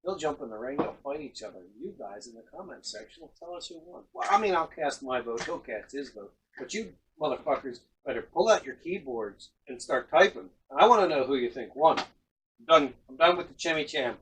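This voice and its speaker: A man's voice: medium pitch, very animated, fairly quick, fairly bright tone. A man co-hosting a casual comic podcast, goofy, crude and rambling. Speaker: podcast co-host. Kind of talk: casual comic-shop banter. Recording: distant mic with faint noise.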